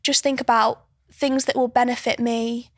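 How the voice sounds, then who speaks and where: A woman's voice: fairly high pitch, level tone, moderate pace, dry recording, clean studio sound. A woman in her twenties, a podcast guest who tells stories in a chatty way and laughs as she talks. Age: 20s. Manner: chatty, laughs through stories, frequent restarts and likes. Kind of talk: casual chat, storytelling.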